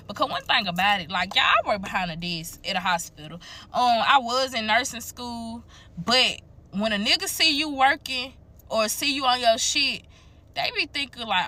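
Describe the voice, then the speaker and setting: Young woman, AAVE, casual storytime vlogger, blunt and profane, fairly high bright voice. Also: expressive, moderate pace. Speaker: storytime creator.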